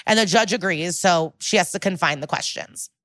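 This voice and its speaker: A woman co-hosting a podcast, casually recapping a TV episode in animated detail, full of "like" and "um" and the odd swear word. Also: lowish voice, moderate pace, no room sound, studio quality. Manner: animated retelling with acted quotes and casual swearing; frequent fillers like "like" and "um". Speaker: podcast co-host.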